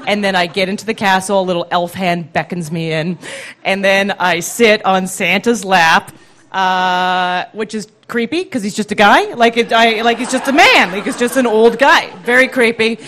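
A woman telling a funny personal story live on stage with animated, self-deprecating comic timing, into a stage microphone. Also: medium pitch, normal speed, slight background noise. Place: live stage before an audience.

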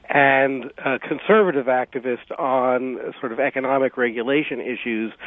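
A man being interviewed on radio as a legal scholar, speaking haltingly with many fillers and restarts. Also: medium pitch, no echo. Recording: dry, phone-like radio line.

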